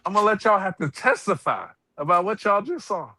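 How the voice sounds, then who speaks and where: A man's voice: high-pitched, animated, fairly quick, pushed and bright. A man trash-talking in a casual sports chat on a stream, boastful and teasing. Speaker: podcast co-host. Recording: online stream call.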